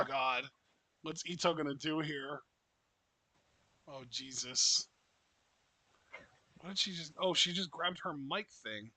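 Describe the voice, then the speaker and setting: A man's voice: fairly high pitch, pushed and bright, no room sound. A man co-hosting a live wrestling reaction, playful and laughing as he calls the action.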